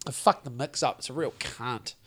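This podcast co-host is a man with a New Zealand accent and a mid-range voice, talking at a moderate pace. In casual chat he tells rambling, sweary stories with lots of animation.

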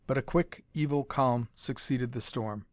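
A man's voice: mid-range voice, measured pace, dry recording. A man narrating a dramatic pulp adventure story, reading it aloud in a dry recording.

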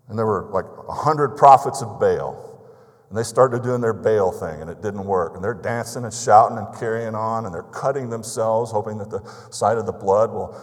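Male pastor, sermon, storytelling tone, rhetorical questions, fairly low voice, long church reverb. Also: normal speed. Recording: long reverb of a large hall.

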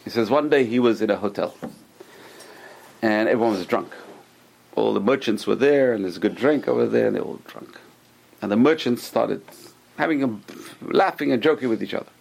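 At a normal speed but with long pauses, a fairly low, fry-tinged male voice teaches Torah. He is an animated storyteller who acts out quoted people, and he often repeats and restarts what he says.

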